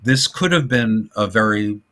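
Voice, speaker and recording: A man's voice: fairly low pitch, a little slow. A man co-hosting a podcast, chatting casually about an old film and acting out the lines in different voices. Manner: animated retelling, acting out quotes in voices. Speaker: podcast co-host.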